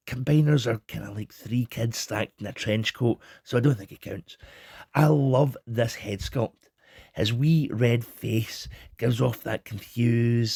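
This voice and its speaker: Scottish bloke reviewing toys, cheeky and irreverent, bit husky. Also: male voice, mid-range voice, a little mellow, no echo, clean studio sound. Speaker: toy reviewer. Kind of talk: scripted comic review.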